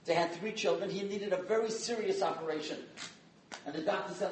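A man giving an inspirational sermon as a dramatic storyteller, dropping to hushed tones and rising to loud emphasis. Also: high-pitched, brisk, slight background noise. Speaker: guest speaker. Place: community event hall. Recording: echoey hall from far off, faint ambience.

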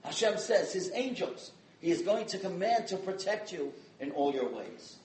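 A man giving an inspirational sermon as a dramatic storyteller, dropping to hushed tones and rising to loud emphasis. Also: high-pitched, big pitch swings, normal speed, slight background noise. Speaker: guest speaker. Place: community event hall. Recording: echoey hall from far off, faint ambience.

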